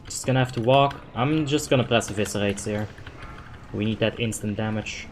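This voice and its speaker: A man streaming a game live, answering chat questions in a relaxed, talkative way and swearing now and then when a play goes wrong. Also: fairly low pitch, moderate pace, a little hiss or hum. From Netherlands. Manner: relaxed, chatty, thinks out loud, swears when frustrated.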